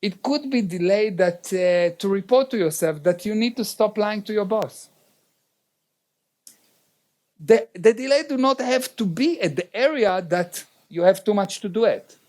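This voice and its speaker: A man with a fairly high voice delivers a motivational seminar talk. He speaks non-native English and keeps checking in with his audience directly. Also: lively intonation, normal speed, few pauses, a little mellow.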